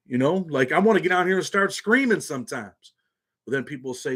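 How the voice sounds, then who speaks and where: A man's voice: a little high, animated, quick pace, a bit bright. Blunt slangy New man. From New York. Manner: street slang, heated and blunt. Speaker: channel host. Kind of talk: casual livestream talk.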